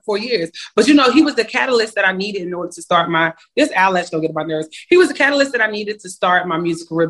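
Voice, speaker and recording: A woman's voice: mid-range voice, fairly bright tone. A young woman singer, a guest in a casual interview, chatty and laughing, with preachy asides.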